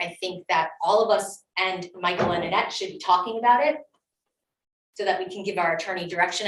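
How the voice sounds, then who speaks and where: Heard through a distant mic in an echoey municipal meeting room, with slight background noise, a woman on the township committee speaks at a public meeting. Her fairly low, fairly bright voice carries emotion and insistence as she keeps restarting sentences.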